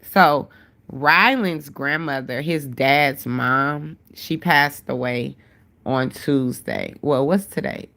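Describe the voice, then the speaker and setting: Low gravelly woman, stuffed-up nose, aave, just chatting with her live chat. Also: takes it slowly, a bit bright. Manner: chatty, addresses viewers as "y'all" and "baby". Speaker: livestream host. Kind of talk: casual livestream chat.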